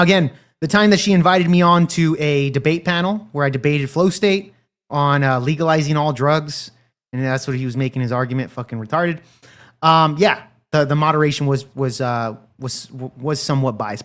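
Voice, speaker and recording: A man hosting a stream, reacting to clips in rambling, profane casual commentary. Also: fairly high pitch. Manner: profane, rambling, laughs often. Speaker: stream host.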